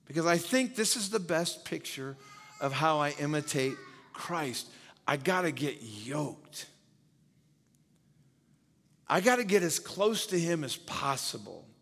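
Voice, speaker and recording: Emphatic pastor, booming hall reverb. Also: male voice, expressive, unhurried, long pauses, fairly bright tone. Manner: emphatic, repeats key phrases, quizzes the audience. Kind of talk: sermon.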